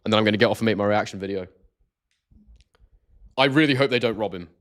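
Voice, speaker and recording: An excitable man talking straight to his viewers on a live stream. He is chatty and loose, and he keeps reading out names and messages from the chat. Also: fairly low pitch, quick pace. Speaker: boxing stream host.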